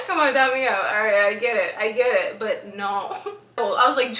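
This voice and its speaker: A woman's voice: a little high, wildly swooping pitch, normal speed, bright, forceful tone. A woman vlogger telling stories casually to the camera, chatty and full of fillers, laughing often. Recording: echoey room with faint background hum.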